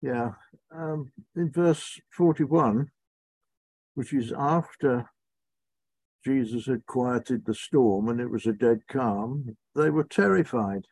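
A man in a Bible study group asking a question slowly. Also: mid-range voice, a little mellow, breathy edge, dry recording, low-quality recording. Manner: slow, questioning. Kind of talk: group discussion.

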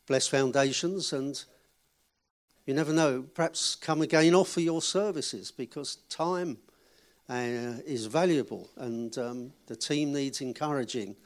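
Chatty man reading out church notices. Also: on the high side. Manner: chatty, friendly announcer, joking with the audience. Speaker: event leader giving notices. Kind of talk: church notices and a told joke.

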